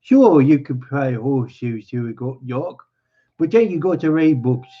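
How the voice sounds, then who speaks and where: A man's voice: medium pitch, lively intonation, moderate pace, lightly acted. Man putting on a lonely needling old stable hand. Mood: pleading. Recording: dull lo-fi.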